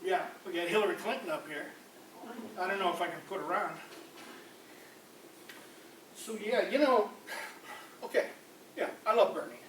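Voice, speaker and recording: A man's voice: sits high, moderate pace, pauses often, far from the mic, slight background noise. Rambling comic man in an echoey room. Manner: rambling, animated, jumps into mocking voices. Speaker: street comedian. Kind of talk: political stand-up comedy. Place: campus room before a live audience.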